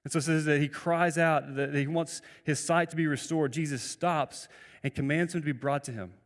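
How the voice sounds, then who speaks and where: Pastor, male, slightly high voice, earnest sermon delivery, lots of restarts, reverberant church hall. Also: steady tone, moderate pace. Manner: earnest preaching with frequent restarts and rhetorical "right?".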